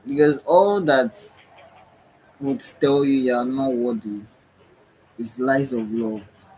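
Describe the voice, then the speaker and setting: A man's voice: mid-range voice, slow, a little mellow, a little hiss or hum, low-quality recording. A tired man hosting a livestream, giving a rambling spiritual monologue and often searching for his words. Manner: meandering, searching for words, frequent "right?". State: tired, yawning. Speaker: livestream host.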